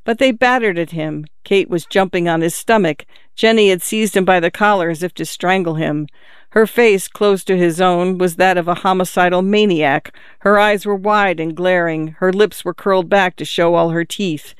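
An audiobook narrator reads a literary novel in a measured, even storytelling style. The medium-pitched voice has a clean tone, captured in a dry recording with clean studio sound.

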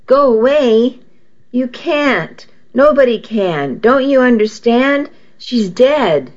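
A panicked young man in shock stumbles over his words, as a woman narrator voices him. He stammers frantically at an unhurried pace. The recording sounds dull and lo-fi. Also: high-pitched, animated, pitched above the performer's own voice.

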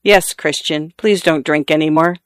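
A man reading the lines of a patient young wife, in a soft, gentle, coaxing way. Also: on the high side, steady tone, normal speed, smooth, dry recording, studio quality, natural voice.

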